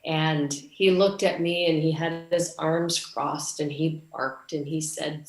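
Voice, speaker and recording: A woman's voice: deep voice, steady tone, a little slow, few pauses, echoey room. A woman from Canada giving a conference speech, telling a story and acting out the dialogue. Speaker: conference speaker.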